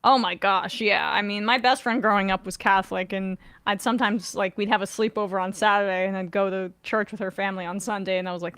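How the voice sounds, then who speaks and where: A woman hosts a sports podcast, chatting conversationally and reading listener messages quickly, her voice a little worn as she slightly loses it. Her voice is mid-range, steady, fairly bright and clean, in a dry recording.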